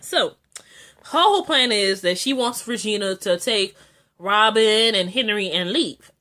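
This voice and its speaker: A young woman talking through a TV episode in a loose, casual vlog. She is chatty and excitable, with plenty of fillers and asides, and her voice sits at an ordinary middle pitch for a woman. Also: unhurried. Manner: chatty and excitable, frequent "like" and filler, jumps high when excited. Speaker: TV episode reviewer.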